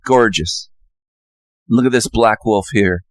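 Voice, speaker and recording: A man's voice: fairly low pitch, takes it slowly, no echo. A man talking casually as he shows images, ranting and repeating himself in sudden emphatic bursts. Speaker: channel host. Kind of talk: casual monologue over images.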